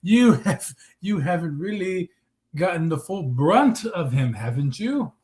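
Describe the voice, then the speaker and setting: A man's voice: high-pitched, animated, unhurried, a little mellow. A man calling a wrestling match as play-by-play commentator, rambling and joking with frequent self-corrections.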